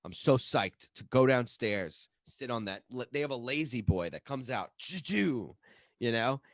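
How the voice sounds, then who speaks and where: A man co-hosting a comedy podcast, telling a profane story with lots of swearing and shouted reenactments. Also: medium pitch, moderate pace, no echo, clean studio sound. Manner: profane, animated, acts out his own yelling. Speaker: podcast co-host.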